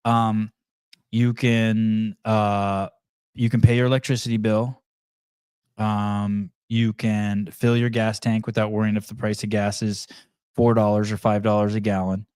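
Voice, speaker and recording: A man's voice: fairly low pitch, level tone, a little mellow, clear, resonant tone, dry recording. A man hosting a podcast, talking casually and bluntly with lots of fillers and restarts. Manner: halting, many fillers and restarts, blunt with swearing. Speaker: podcast host. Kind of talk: casual commentary while playing clips.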